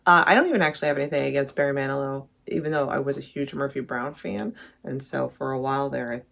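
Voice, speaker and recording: Quick-paced and creaky, with a fairly bright mid-range tone, this music reviewer vlogger ranks songs in rambling, casual commentary. They correct themselves often and gush with enthusiasm about the ones they love.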